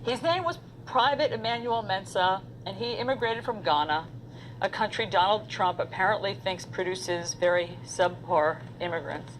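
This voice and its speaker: A woman news anchor presenting a television report in a measured but emotional delivery. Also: medium pitch, a little hiss or hum, rough recording.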